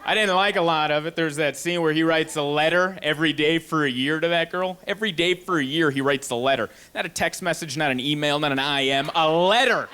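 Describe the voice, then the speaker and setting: A male stand-up comedian on a club stage, acting out loud arguments with his partner. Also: on the high side, fairly quick, hardly any pauses. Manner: animated, acts out shouting arguments with his partner. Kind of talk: stand-up routine. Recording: loud crowd and noise. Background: audience laughter.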